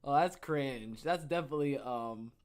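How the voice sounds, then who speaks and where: A man hosts his own podcast livestream, breathless from the gym, rambling and muttering to himself as he moves between topics. His voice sits at medium pitch and he talks at a normal speed in casual livestream chat.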